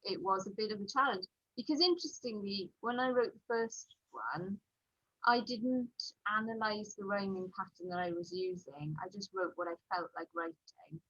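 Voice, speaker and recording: A woman with a Welsh accent, a children's author chatting on a podcast in an animated way, full of fillers. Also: mid-range voice, normal speed, no echo, highs cut off. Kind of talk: casual podcast chat.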